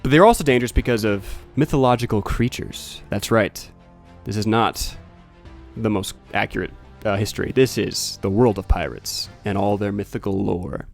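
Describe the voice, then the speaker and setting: A man's voice: lowish voice, normal speed, faint music behind. A man narrating as game master for a tabletop game, rambling and correcting himself with lots of fillers.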